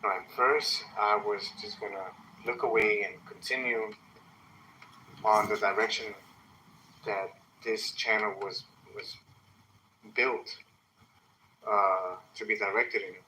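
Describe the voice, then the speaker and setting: A man explaining religious teaching in a measured, lecturing way. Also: fairly low pitch, steady tone, bright, forceful tone, a little hiss or hum, low-quality recording. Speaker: religious YouTuber. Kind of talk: teaching monologue.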